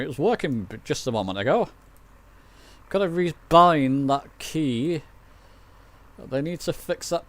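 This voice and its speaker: A man chatting loosely during a flight sim livestream, rambling and poking fun at himself. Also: mid-range voice. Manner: chatty, rambling, self-mocking. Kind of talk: casual livestream chat.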